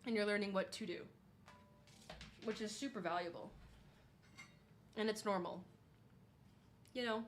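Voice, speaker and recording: A woman's voice: mid-range voice, unhurried, pauses often, a little hiss or hum. A young woman streaming, chatting casually and reading chat aloud, saying "like" a lot and laughing often.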